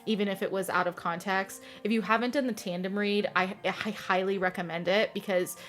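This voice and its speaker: A young adult woman hosting a casual book podcast. She talks in an animated way, laughs often and acts out scenes as she tells them. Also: medium pitch, a little fast, soft background music. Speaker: podcast host. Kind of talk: casual chat about books.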